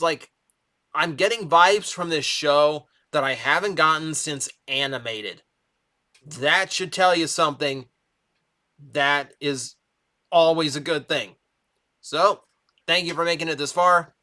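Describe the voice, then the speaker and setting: Bright-voiced man excitedly reviewing a cartoon. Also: on the high side. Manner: enthusiastic, rambling with fillers. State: voice strained from talking. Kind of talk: casual review commentary.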